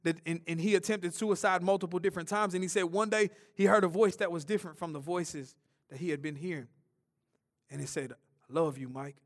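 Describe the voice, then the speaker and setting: A high-pitched man delivers a church sermon. He swings between loud, urgent passages and hushed, intense ones, often stumbling over and repeating words as he presses his point. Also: a little fast. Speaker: preacher.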